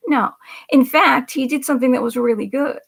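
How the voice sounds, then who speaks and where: A woman's voice: high voice, fairly quick, gravelly, breathy edge. A woman hosting a livestream, giving rambling political commentary in an indignant, sarcastic way, with repeated asides and some words dropped to a whisper. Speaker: livestream host.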